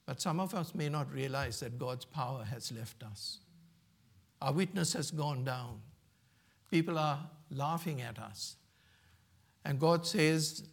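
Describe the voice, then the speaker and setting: A man's voice: medium pitch, slow pace, vocal fry, long pauses, breathy edge. A man preaching a sermon in church, earnest and emphatic, quoting scripture aloud. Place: church sanctuary.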